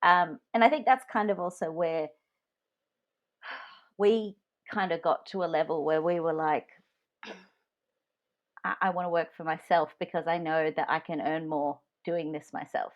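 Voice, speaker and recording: A deep-voiced woman co-hosts a podcast, speaking unhurriedly with fairly even intonation and long pauses over a lo-fi recording. In casual talk she tells candid, frank stories from her working life.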